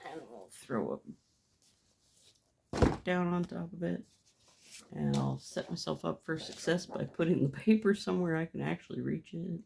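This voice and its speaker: This mixed media artist has a deep, sing-song voice with vocal fry, a moderate pace and frequent pauses, recorded with background noise. Working at home on gel plate printing, she chats casually, teases herself and laughs often.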